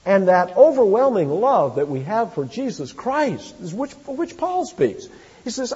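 A man preaching a sermon as pastor, with animated emphasis and quick asides. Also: high voice, slightly rough. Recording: dull, lo-fi sound with long hall reverb.

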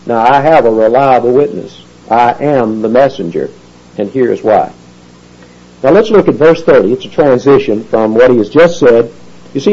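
A man's voice: mid-range voice, warm tone, breathy edge. A man teaching a Bible study as a sermon, explaining verses in a folksy way with many fillers, in front of a live audience. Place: church or meeting room with a live audience. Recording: dull lo-fi recording.

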